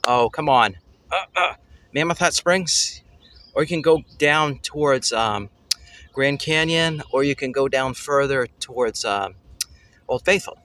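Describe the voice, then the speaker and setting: A man hosting a family travel show, telling a story casually and excitedly, often pausing to search for words. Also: mid-range voice. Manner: excitable, gropes for words, exclaims "holy cow".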